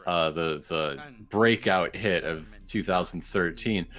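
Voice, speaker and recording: A man co-hosting a charity game stream, making wry, quick asides in casual commentary. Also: low voice, a bit bright.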